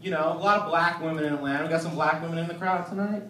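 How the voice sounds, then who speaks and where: A man's voice: a little high, very fast, sharp tone, raised voice. A man performing a stand-up comedy set, telling loose, profane stories with lots of fillers. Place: comedy venue stage. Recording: echoey room, distant mic, noisy.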